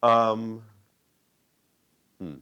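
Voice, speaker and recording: A man's voice: lowish voice, steady tone, extremely slow, pushed and bright, clear, resonant tone, highs cut off. A male teacher answering interview questions thoughtfully, with wry, self-deprecating humor.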